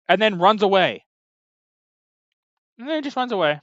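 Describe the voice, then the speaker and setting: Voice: medium pitch, expressive, unhurried, pauses often, a bit bright, no room sound, dull audio. A TV reviewer talking casually, exasperated and sarcastic, rambling with lots of filler "like"s. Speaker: TV episode reviewer.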